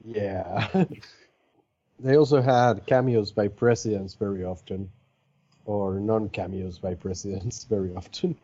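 A man's voice: on the low side, fairly even intonation, a little slow, mellow. A man co-hosting a podcast in casual chat, explaining things in a talkative way. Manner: explanatory, chatty. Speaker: podcast co-host. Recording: dull lo-fi podcast audio.

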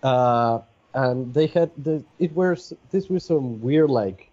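Dude chatting and explaining stuff on a podcast, mid pitch, muffled lo-fi audio. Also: male voice, slow, darkish tone. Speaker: podcast co-host. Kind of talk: casual chat.

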